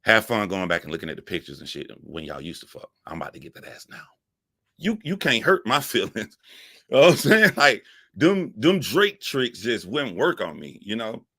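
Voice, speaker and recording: A man telling a profane comic story, animated and laughing, jumping up in pitch for emphasis. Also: moderate pace, no echo. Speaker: comedic storyteller.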